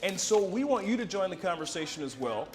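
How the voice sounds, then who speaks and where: A man's voice: sits high, sing-song, brisk, a crowd in the background. Upbeat man hosting a livestream. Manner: enthusiastic, promotional. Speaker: host of a live charity broadcast. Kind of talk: upbeat live-stream hosting. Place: broadcast set in Philadelphia.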